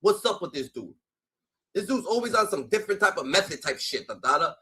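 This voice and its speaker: Fired-up man ranting, bright husky voice. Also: sits high, very animated, brisk. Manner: profane, mocking, repeats filler "da, da, da". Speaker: streamer reacting to a clip. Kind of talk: heated reaction rant.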